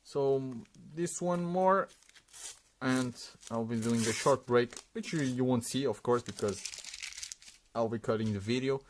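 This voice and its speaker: A man's voice: medium pitch, measured pace, a little hiss or hum. A man hosting a sticker unboxing, giving casual running commentary and reading out names one after another with frequent hesitations.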